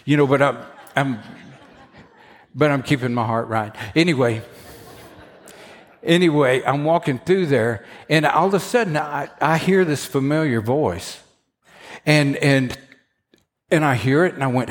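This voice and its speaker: A pastor with a mid-range voice preaches a sermon at an unhurried pace. He tells a story with lively asides, acting out the voices of the people in it, and often repeats words as he begins a sentence.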